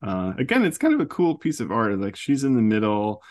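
A man's voice: lowish voice, huge pitch swings, a little fast. A man hosting a podcast, casually recapping a comic book with lots of laughs and fillers. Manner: chatty, laughs often, acts out quotes. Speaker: podcast host.

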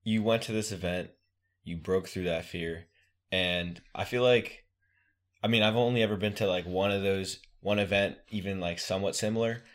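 A man's voice: low voice, fairly even intonation, normal speed. A man hosting a podcast, casually asking curious follow-up questions. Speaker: podcast host.

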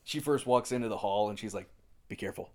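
A man's voice: lowish voice, fast. A man co-hosting a casual podcast, recounting funny scenes at an easy pace with frequent laughs. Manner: relaxed storytelling with frequent laughs and quoted lines. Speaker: podcast co-host. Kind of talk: casual chat.

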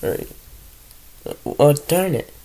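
A man co-hosting a casual podcast chat who rambles, jokes, swears freely and slips into quick imitations. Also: a little high, sing-song, mellow, slight background noise. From Canada. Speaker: podcast co-host.

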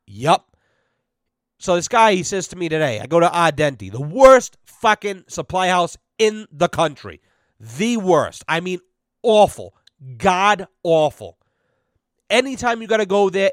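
A man's voice: fairly high pitch, fairly bright tone, dry recording, studio quality. Blunt, cursing man ranting. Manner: blunt, cursing, exasperated storytelling with quoted voices. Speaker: podcast host. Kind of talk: casual profane podcast rant.

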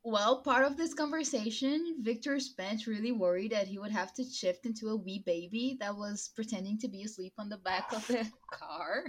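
A woman's voice: medium pitch, moderate pace, hardly any pauses. A woman player in a tabletop game, chatting casually and laughing often as she describes her character.

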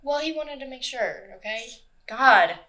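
A woman's voice: sits high, animated, measured pace, bright, forceful tone. Chatty, foul-mouthed woman podcast host. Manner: swears freely, chatty, laughs often. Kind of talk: casual true-crime chat.

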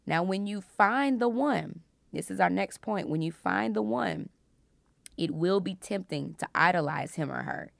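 A young woman hosting a faith podcast, teaching from the Bible in a casual, playful way with frequent loud laughter. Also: mid-range voice, a little slow, gravelly, no room sound, studio quality. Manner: animated, laughs loudly and often, playful preacher tone.

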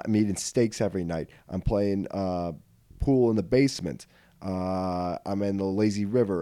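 Guy doing a rambly comedy story on his podcast, dark voice, dead dry sound. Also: on the low side, dry recording. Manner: rambling, peppered with "right?". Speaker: podcast host.

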